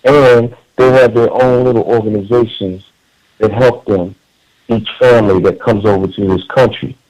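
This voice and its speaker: A man's voice: fairly low pitch, fairly even intonation, normal speed, darkish tone, a little hiss or hum, poor audio. Earnest man calling in to radio. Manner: earnest, emphatic, with repeated words and restarts. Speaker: caller. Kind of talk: call-in radio talk.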